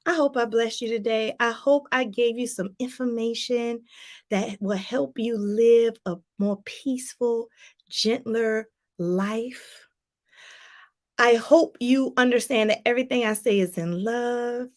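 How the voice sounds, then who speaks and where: A woman's voice: fairly high pitch, measured pace. A woman from Washington, D.C., giving a motivational talk as a life coach, emphatic and repeating her points straight to viewers.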